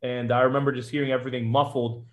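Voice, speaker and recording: A man's voice: mid-range voice, little pitch movement, fast talker. A man who served as a Marine, telling his own story in an interview, conversational and matter-of-fact with fillers and restarts.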